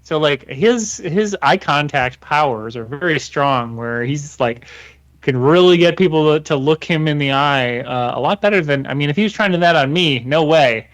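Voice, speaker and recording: A man's voice: on the high side, animated, normal speed, a bit bright. A man co-hosting a comics podcast, telling wry rambling jokes in casual chat. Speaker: podcast co-host.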